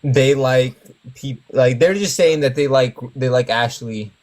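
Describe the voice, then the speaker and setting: A young man joins a casual live chat as a guest, dropping dry, offhand remarks. His voice sits at an ordinary pitch. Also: unhurried, a little mellow.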